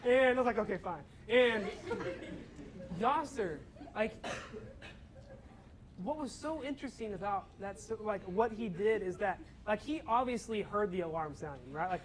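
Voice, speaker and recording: Through a rough recording, a high-pitched young man from campus ministry shares a lively story with students, acting out his own lines and getting loud at the funny parts, before drawing a lesson about faith from it.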